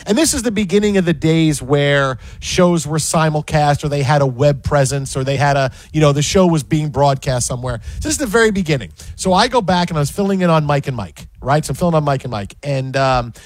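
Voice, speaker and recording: A man hosting a sports radio show, telling quick stories with lots of restarts in a casual chat. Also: a little high, no echo. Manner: animated, quick storytelling with restarts. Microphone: studio microphone.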